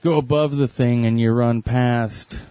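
A man's voice: mid-range voice, steady tone, unhurried, mellow, clear, resonant tone, dry recording. A man co-hosting a podcast in casual chat, mostly giving short replies. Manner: brief backchannel replies. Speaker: podcast co-host.

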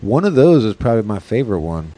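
A man's voice: fairly low pitch, sing-song, fast, mellow. A man in a loose, swearing chat among friends, laughing often and rambling through stories. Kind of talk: casual stoned banter.

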